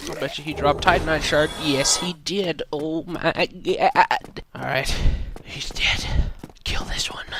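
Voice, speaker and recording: A man's voice: on the high side, steady tone, slow pace, gravelly, whispered. A man giving casual, sarcastic gameplay commentary, joking and swearing freely.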